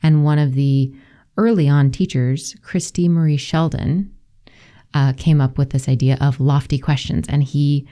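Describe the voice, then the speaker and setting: A woman hosting a podcast, talking gently and slowly and guiding listeners to relax. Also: low voice. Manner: soft, slow and soothing. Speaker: podcast host.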